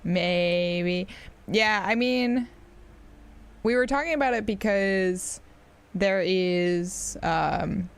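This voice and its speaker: A woman's voice: medium pitch, extremely slow, clean tone. A woman with an American accent chatting casually on a live stream while gaming, rambling and laughing often.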